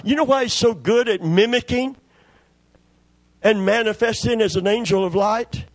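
A middle-aged pastor with a voice that sits high preaches at normal speed, with no room sound. His sermon is folksy and conversational, told as stories, and he repeats words for emphasis.

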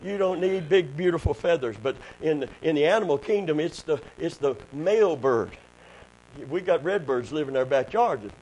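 A man's voice: on the high side, animated, normal speed, a little mellow, low-quality recording. A man preaching a sermon at a church service, telling folksy stories and building to emphatic preaching.

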